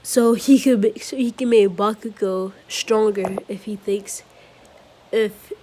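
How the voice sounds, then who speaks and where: Mellow-voiced woman rambling through a story. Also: mid-range voice, slow pace, slight background noise. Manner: rambling, self-correcting, with fillers and giggles. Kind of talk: improvised fan-fiction storytelling.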